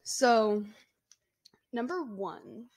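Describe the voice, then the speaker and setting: A woman's voice: fairly high pitch, sing-song, drawn-out words, slightly rough. A woman in her twenties, a mother, talking bluntly and chattily to camera in a casual vlog. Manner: blunt, chatty, laughs often. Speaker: vlogger, mother.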